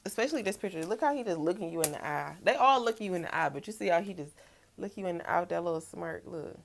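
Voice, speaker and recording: A young woman, talking in a casual, reflective vlog, soft-spoken and relaxed. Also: lowish voice, fast talker, creaky. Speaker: vlogger. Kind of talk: personal reflective vlog talk.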